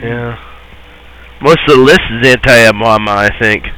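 A man's voice: medium pitch, a little slow, pushed and bright, slight background noise, low-quality recording. A man co-hosting a casual chat, laid-back with drawling agreement. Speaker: podcast co-host.

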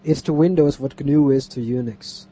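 A man's voice: mid-range voice, moderate pace, mellow, breathy edge. A man on a podcast panel, chatting casually and tossing in teasing wisecracks. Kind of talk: casual chat. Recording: dull lo-fi sound with faint hum.

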